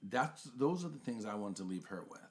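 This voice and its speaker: Animated man coaching with emphasis. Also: lowish voice, brisk. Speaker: podcast host. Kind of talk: casual conversational podcast.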